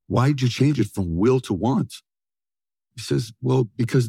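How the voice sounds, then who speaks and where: A man in his forties telling a story to an audience, energetic and punchy, often throwing questions back at them. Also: mid-range voice, measured pace, gravelly, breathy edge, dry recording. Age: 40s. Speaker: motivational speaker.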